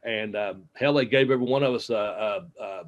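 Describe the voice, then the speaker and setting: A man's voice: on the low side, brisk, phone-quality sound. A man, a former wrestler, telling rambling road stories in a casual interview, full of fillers and laughter. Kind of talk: casual storytelling. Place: home, smart speaker nearby.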